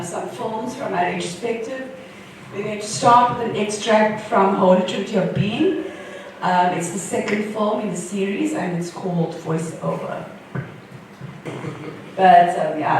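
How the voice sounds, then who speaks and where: A woman poet and filmmaker reading her poems slowly and rhythmically, then answering audience questions. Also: medium pitch, a little mellow. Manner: slow, measured, rhythmic delivery. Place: event hall. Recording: echoey hall from far off, faint noise.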